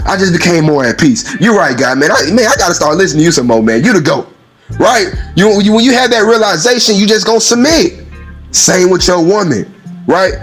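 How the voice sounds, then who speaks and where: High-pitched guy just riffing and telling stories, super animated, doing little voices, faint music in back. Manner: animated, acts out quoted voices, laughs often. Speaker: speaker in a played clip. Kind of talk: casual storytelling monologue.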